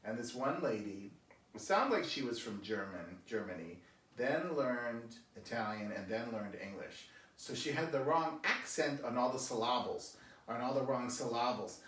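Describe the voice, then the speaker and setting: A priest in his forties hosts a relaxed chat and tells stories with a laugh never far away. His voice sits at a middling pitch. He sounds distant from the microphone in an echoey room. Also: normal speed. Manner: animated storyteller, laughs often, mimics accents. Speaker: priest hosting a livestream chat. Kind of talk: casual chat reading viewer comments. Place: roomy indoor room, rectory.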